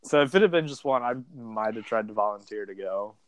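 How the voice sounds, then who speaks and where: A man's voice: lowish voice, expressive, brisk, clear, resonant tone, no echo. Chatty man telling a story, dry sound. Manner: rambling, fills speech with "like", acts out quoted dialogue. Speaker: former contestant. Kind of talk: casual storytelling in an interview.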